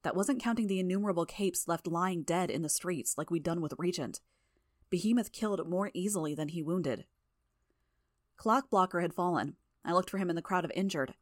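A woman narrating a first-person story for a fan audiobook in a steady, even way. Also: fairly low pitch, a little fast, dry recording, studio quality.

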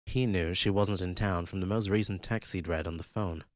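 A man with a lowish voice reads a fan-made audiobook at normal speed, keeping his delivery steady and even. The recording is close and dry, with no room sound at all.

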